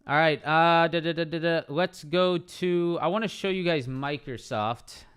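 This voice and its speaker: A man's voice: on the high side, measured pace, fairly bright tone, clear, resonant tone. A young man streaming live market analysis, talking casually, repeating price levels and asking "right?" often. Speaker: stock trading live streamer. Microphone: streaming microphone.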